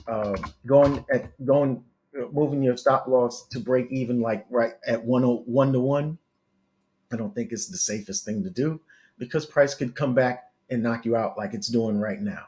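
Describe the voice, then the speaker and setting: Give me a man of middle pitch running a live trading lesson, talking to viewers as he works his charts. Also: darkish tone. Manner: thinks aloud while working charts, halting with restarts; coaching, talks straight to viewers. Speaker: forex trading teacher. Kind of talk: live market analysis stream.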